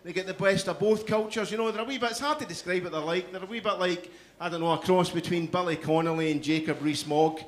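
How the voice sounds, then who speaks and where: Brief: middle-aged Glaswegian comic, high voice, punchy crowd work, faint room hum. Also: male voice, fast. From Scotland. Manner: loud, punchy crowd work with frequent "you know what I mean". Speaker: stand-up comedian. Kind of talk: stand-up comedy set. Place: comedy club stage.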